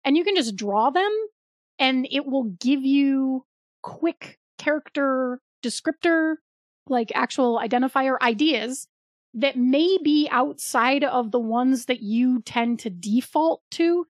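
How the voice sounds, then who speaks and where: Chatty high-voiced woman. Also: slow pace, no room sound, clean studio sound. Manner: chatty, many likes and rights, laughs easily. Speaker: podcast co-host. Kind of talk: casual chat.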